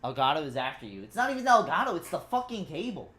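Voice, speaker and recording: A woman's voice: low-pitched, very animated, quick pace, fairly bright tone. A woman streaming a game live, chatting with viewers and swearing angrily at her equipment. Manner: frustrated, swearing, talking to chat. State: angry. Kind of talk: casual live-stream chat.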